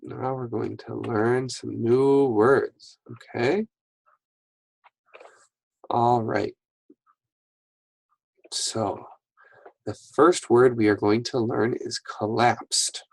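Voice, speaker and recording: Slow, patient male phonics teacher. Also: medium pitch, fairly even intonation, gravelly, no room sound, poor audio. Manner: slow, patient reading of words one at a time. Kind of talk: phonics lesson for young children.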